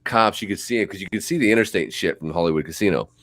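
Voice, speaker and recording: A man's voice: deep voice, very fast, fairly bright tone, dry recording, clean studio sound. A middle-aged man co-hosting a podcast, telling loose, profane, rambling stories in casual chat. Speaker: podcast co-host.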